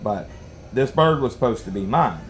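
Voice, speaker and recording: A man with a drawl spins a hunting yarn in casual, meandering fashion, circling back and restarting his sentences. His voice sits at an ordinary middle pitch. A faint noise runs underneath the recording. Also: lively intonation, normal speed. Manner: rambling, folksy, lots of you-knows and restarts. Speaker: knife sharpening channel host. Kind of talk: casual storytelling while sharpening.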